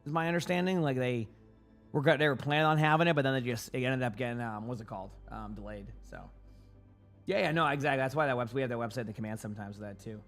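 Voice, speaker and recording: A man's voice: medium pitch, fast talker, a bit bright, soft background music. A man streaming in the morning with his morning voice, chatting casually with viewers in a rambling way, stumbling and repeating words as he answers chat. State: morning voice, just woke up.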